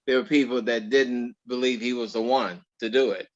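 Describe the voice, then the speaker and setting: A man telling stories in an interview, animated and acting out the dialogue he quotes. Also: medium pitch, moderate pace, highs cut off. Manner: animated storyteller who acts out quoted dialogue. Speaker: actor guest. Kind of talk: storytelling in an interview.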